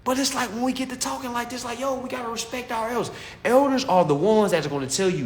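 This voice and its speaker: A man delivering a comedic rant to camera in an animated, preachy and mocking way. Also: very high-pitched, quick pace, a little hiss or hum. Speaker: vlogger.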